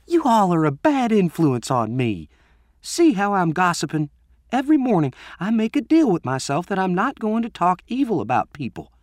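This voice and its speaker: A man voicing a chatty, giggly teenage girl who gossips despite herself, in a breathy, excitable manner. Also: high voice, normal speed, no room sound, studio quality, pitched above the performer's own voice. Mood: sheepish.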